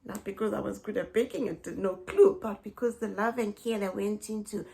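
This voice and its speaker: A woman's voice: mid-range voice, fairly even intonation, brisk, gravelly, dark tone. A middle-aged woman from Zimbabwe, telling heartfelt family stories to camera, repeating phrases and often laughing or tearing up. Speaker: vlogger. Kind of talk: personal storytelling to camera.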